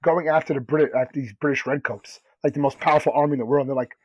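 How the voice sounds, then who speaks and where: A man's voice: medium pitch, fairly even intonation, quick pace, no echo. A man co-hosting a podcast in casual chat, loose and rambling with lots of "like". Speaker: podcast co-host. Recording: dull lo-fi recording.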